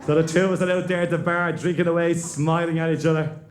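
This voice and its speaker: An Irish man doing a live stand-up routine, telling a story with deadpan pauses for laughs. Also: fairly high pitch. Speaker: stand-up comedian. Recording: echoey live venue with loud crowd.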